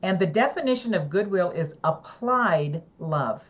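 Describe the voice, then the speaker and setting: A woman co-hosting a casual talk show, earnest and reflective, unhurried. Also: lowish voice, lively intonation, muffled recording. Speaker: co-host. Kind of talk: casual chat.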